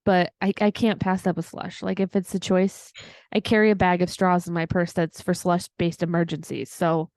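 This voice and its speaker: A woman's voice: on the low side, little pitch movement, moderate pace, a little mellow, no room sound. A woman co-hosting a casual podcast, bubbly and enthusiastic. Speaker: podcast co-host.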